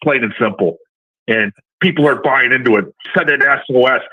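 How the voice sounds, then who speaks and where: A man's voice: medium pitch, moderate pace. A male caller with a Southern US accent, ranting brashly and cursing constantly. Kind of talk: profane call-in rant. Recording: tinny phone line.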